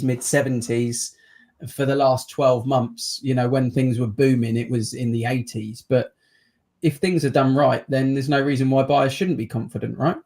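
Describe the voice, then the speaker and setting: A man's voice: medium pitch, a little mellow. A man hosting a casual property chat on a video call, chatty and teasing. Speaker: podcast host, estate agent.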